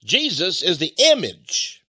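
A man with a Texan accent preaching a sermon in a folksy way, slowing down to stress key phrases. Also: sits high, huge pitch swings, bright, forceful tone, slightly rough, dry recording. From Texas. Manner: folksy, varies pace, slows for emphasis.

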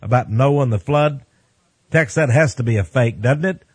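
A man's voice: medium pitch, normal speed, breathy edge, no room sound. A man speaking as a radio preacher, giving folksy preaching commentary on the news with exclamations, chuckling asides and frequent calls to his "friends.".

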